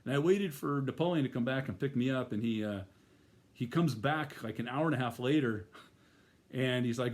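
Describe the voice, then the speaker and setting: A man's voice: medium pitch, normal speed, a little mellow. A middle-aged man telling a personal story in a casual, rambling way, full of fillers and restarts. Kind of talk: first-person spoken storytelling.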